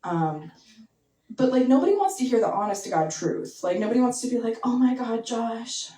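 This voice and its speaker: A young woman doing a stand-up set in a basement club, talking casually and deadpan, full of likes and ums. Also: a little high, brisk. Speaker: stand-up comedian. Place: basement comedy venue with audience. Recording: echoey basement, mic heard from a distance.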